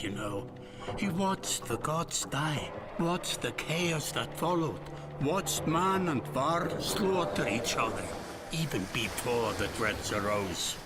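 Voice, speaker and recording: An actor playing a weary older male ruler in a game cutscene, speaking in a grave, measured way. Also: medium pitch. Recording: game audio with clear music. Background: music.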